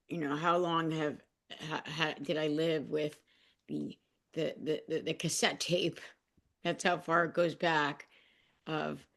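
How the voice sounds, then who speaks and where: A woman with a fairly low voice and a lot of gravelly fry shares personal stories. She is heartfelt and emotional and often stops and restarts her sentences, with many fillers. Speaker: podcast guest. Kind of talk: personal sharing in conversation.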